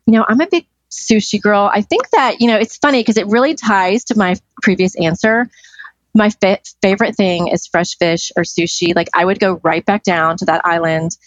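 A woman's voice: medium pitch, moderate pace, no echo, dull audio. A middle-aged woman chatting as a podcast guest, telling stories in an enthusiastic, free-flowing way. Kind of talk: casual interview chat.

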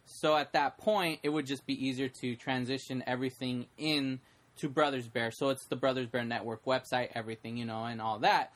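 A man's voice: mid-range voice, fairly even intonation, brisk, fairly bright tone. A man co-hosting a podcast in casual chat, rambling and correcting himself as he explains plans. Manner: rambling, self-correcting, jokey. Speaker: podcast co-host.

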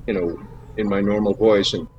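A man's voice: on the low side, steady tone, normal speed. A man guest on an interview, telling rambling stories with many fillers and laughs. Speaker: actor guest. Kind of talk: casual interview storytelling. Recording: dull lo-fi with faint noise.

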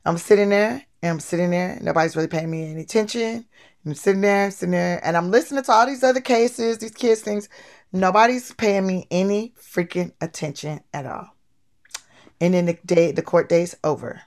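Animated woman telling a playful story. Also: lowish voice, a little fast. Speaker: guest comedian. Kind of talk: casual storytelling.

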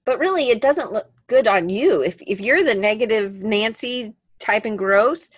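A woman hosting a casual podcast interview, offering opinions and quick asides. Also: a little high, expressive, slightly rough, dry recording. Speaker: podcast host.

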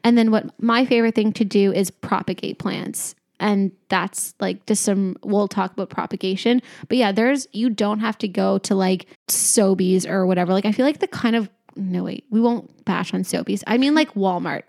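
A woman's voice: mid-range voice, moderate pace, creaky, few pauses, a little mellow. A young woman co-hosting a podcast in casual chat, rambling and laughing often. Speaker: podcast co-host.

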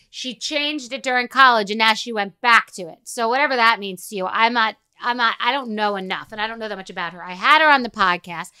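A woman's voice: on the high side, clean tone. A middle-aged woman hosting a podcast, talking bluntly and casually with frequent swearing. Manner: blunt, profane, rapid and animated. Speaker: podcast host. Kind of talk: casual monologue.

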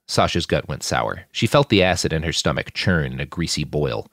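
A man hosting a fiction podcast, reading his own story aloud with expressive scripted narration. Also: extremely low pitch, normal speed, hardly any pauses, no echo, clean studio sound. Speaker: podcast host and fiction author.

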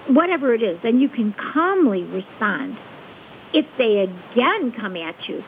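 Woman guest, high-ish voice, calm teacher, tinny phone line with hiss. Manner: calm, measured, checks in with "okay?". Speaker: guest expert on conflict resolution. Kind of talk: explaining a technique step by step.

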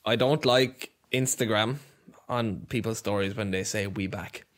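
A man's voice: fairly low pitch, steady tone, a little slow, fairly bright tone. Guy ranting on a podcast, blunt, swears a lot. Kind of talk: casual chat.

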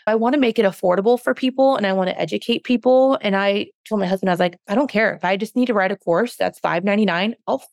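A woman's voice: mid-range voice, quick pace, hardly any pauses, darkish tone, dry recording. Earnest, passionate woman podcast guest. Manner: earnest, passionate, openly emotional. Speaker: guest, fitness coach and business owner. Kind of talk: podcast interview.

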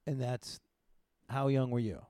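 A man's voice: medium pitch, steady tone, a little slow, warm tone, smooth, no room sound. A man hosting a podcast in casual chat, teasing and crude, often stumbling over his words and restarting, on a close studio mic. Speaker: podcast host. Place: studio room, in person.

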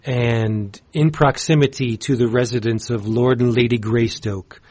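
A man's voice: mid-range voice, steady tone, a little slow, darkish tone. A man in easygoing podcast conversation, recapping a comic plot. He rambles with fillers and gushes about what he loves. His voice sits in a middle register. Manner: enthusiastic, gushing, rambling with fillers. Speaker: podcast co-host. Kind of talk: casual comics review chat.

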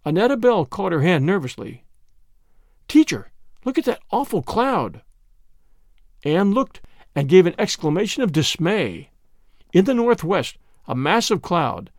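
A man narrating a storybook in an expressive reading. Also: high voice, moderate pace, no room sound, clean studio sound. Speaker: audiobook narrator. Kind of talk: scripted narration.

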